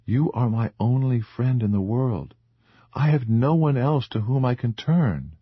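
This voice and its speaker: A man voicing a meek, earnest young wife with a soft, pleading, formal way of speaking. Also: mid-range voice, animated, unhurried, breathy edge, dry recording, highs cut off, pitched above the performer's own voice.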